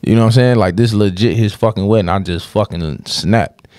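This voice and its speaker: A man's voice: fairly low pitch, fairly quick, a little mellow, dry recording, studio quality. A young man on a podcast, telling a personal story in casual chat, with lots of slang and swearing and restless run-on sentences.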